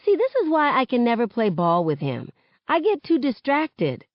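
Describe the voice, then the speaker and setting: A woman reading a novel aloud in first person, with expressive narration. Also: fairly high pitch, moderate pace, no echo. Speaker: reader. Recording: dull, close, dry audio.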